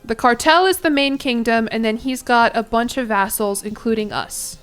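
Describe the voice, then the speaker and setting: A woman with a fairly high, smooth voice streams a game at a moderate pace, chatting easily with viewers. She thinks out loud and answers chat on the fly, dropping in giggly asides, while soft game music plays faintly underneath.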